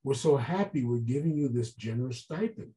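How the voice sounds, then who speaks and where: A man telling a long story as an interview guest, animated and acting out the voices of people he quotes. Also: medium pitch, fairly quick, low-quality recording. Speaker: guest artist. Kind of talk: casual storytelling.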